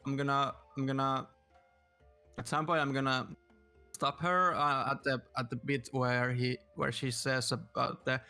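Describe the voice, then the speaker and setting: Hesitant bright-voiced man player. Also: medium pitch, level tone, measured pace, soft background music. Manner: hesitant, restarting often. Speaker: tabletop game player. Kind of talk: casual chat.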